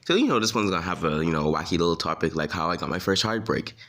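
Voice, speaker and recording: Late-teen guy with a low voice, casual, chuckling storyteller. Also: rapid-fire, fairly bright tone. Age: late teens. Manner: laughs through his lines, loose and self-mocking. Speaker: vlogger. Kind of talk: jokey storytime monologue.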